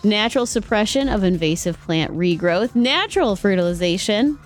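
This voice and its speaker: A woman's voice: medium pitch, lively intonation, normal speed, faint music behind. A woman hosting a morning radio show, chatty and bubbly in casual banter.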